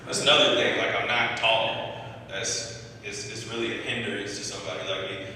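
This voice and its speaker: A man's voice: fairly low pitch, steady tone, normal speed, bright, forceful tone, a little hiss or hum. Young male stand-up comic, loose rambling delivery; live room with long reverb, audience laughing behind. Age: 20s. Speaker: stand-up comedian. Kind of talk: stand-up comedy set. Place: comedy club stage. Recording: echoey live room, mic far off.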